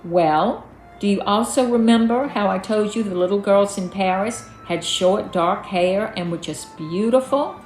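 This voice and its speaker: A woman doing a gentle deep-voiced father. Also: unhurried, reverberant, faint music behind, poor audio. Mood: tender. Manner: tender, coaxing.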